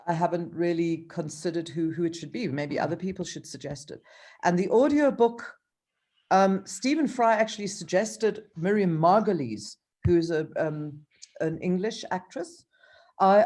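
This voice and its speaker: Low-voiced woman author reading aloud. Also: mellow. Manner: hesitant, with many ums and restarts in chat. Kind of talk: reading her novel aloud and chatting.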